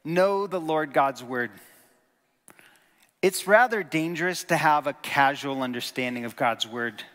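Emphatic preacher in a reverberant hall. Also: male voice, fairly high pitch, unhurried, a bit bright. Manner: earnest, emphatic teaching with rhetorical questions. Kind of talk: sermon.

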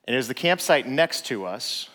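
A man, a father, telling a personal story in a relaxed, conversational way with lots of filler words. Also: mid-range voice, normal speed. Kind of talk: casual storytelling. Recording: long reverb.

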